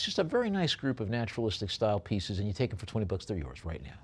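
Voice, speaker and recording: An older man with a New York accent running a live auction, calling bids quickly and dropping joking asides between lots. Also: fairly low pitch, wildly swooping pitch, slightly rough. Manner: chatty, joking asides between rapid bid calls.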